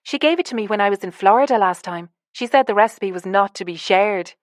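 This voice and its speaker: A woman narrator voicing an eager, excitable young woman in an audiobook. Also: mid-range voice, brisk, no echo, clean studio sound, natural voice.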